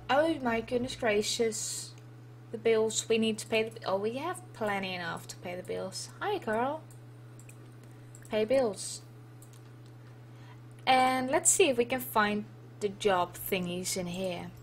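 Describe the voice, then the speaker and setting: A woman with a Dutch accent gives relaxed, unhurried commentary over a life-sim game. She chats playfully and reads the game's prompts aloud, with a faint hum in the background. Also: fairly high pitch. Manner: chatty and playful, reads on-screen text aloud. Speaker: let's play host. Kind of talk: casual gameplay commentary.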